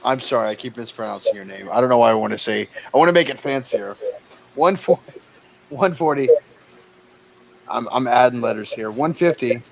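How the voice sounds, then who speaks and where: A man's voice: medium pitch, normal speed, vocal fry, long pauses, slight background noise, low-quality recording. A man calling out bids in a casual livestream art auction, joking and exclaiming over each new bid.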